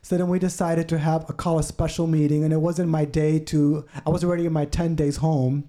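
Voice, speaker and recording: A man's voice: fairly high pitch, flat delivery, a little fast, dark tone. A man telling his personal story as a podcast guest, earnest and heartfelt, acting out what others said to him. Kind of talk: personal testimony.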